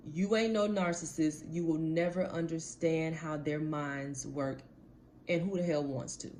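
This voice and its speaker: A woman's voice: deep voice, fairly even intonation, unhurried, darkish tone, slight background noise. Blunt, emphatic woman life coach. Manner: emphatic, blunt, repeats her points for stress; casual, slangy, addresses viewers directly. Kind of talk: motivational talk to camera.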